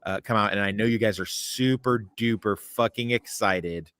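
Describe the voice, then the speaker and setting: Low-voiced, profane male podcast host. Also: moderate pace, fairly bright tone, smooth, no room sound, studio quality. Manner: profane, rambling, blunt opinions. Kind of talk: casual podcast chat. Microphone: remote call mic.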